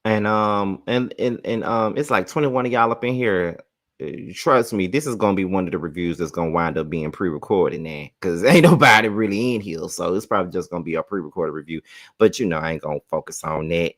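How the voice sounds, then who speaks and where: A young man hosting a casual live review of a reality show, profane and rambling, laughing often and going loud and high when he gets excited. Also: a little fast. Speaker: TV show reviewer and channel host.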